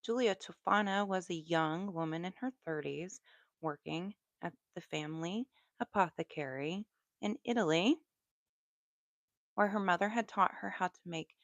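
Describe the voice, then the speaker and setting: A woman with a Southern American accent telling true crime stories on a live stream in a relaxed, chatty way, with asides. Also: medium pitch, no room sound. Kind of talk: live storytelling.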